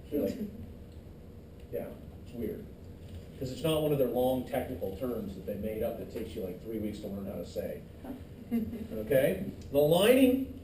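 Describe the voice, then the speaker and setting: Joking high-voiced male teacher lecturing. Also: warm tone, a little hiss or hum. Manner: joking asides, quizzes the class. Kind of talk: classroom lecture. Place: classroom. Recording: echoey classroom from far off.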